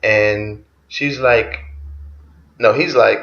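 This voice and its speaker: A man's voice: mid-range voice, unhurried. Guy casually reviewing an album, swears a lot, roomy echoey sound, kinda dull lo-fi audio. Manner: loose and profane, retelling songs track by track.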